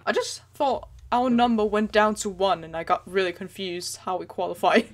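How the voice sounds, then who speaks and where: A woman chatting casually while playing an online game, giggly and excitable, breaking into playful shouts. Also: mid-range voice, moderate pace. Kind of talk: casual gaming chat.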